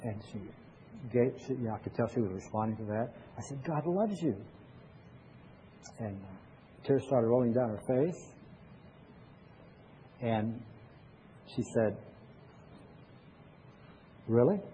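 An older man, a pastor with grandchildren, giving a conversational sermon full of pauses and restarts. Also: mid-range voice, mellow, a little hiss or hum, low-quality recording.

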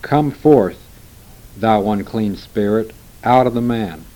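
A man voicing a calm male teacher with gentle authority, in a measured, solemn delivery. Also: on the low side, low-quality recording.

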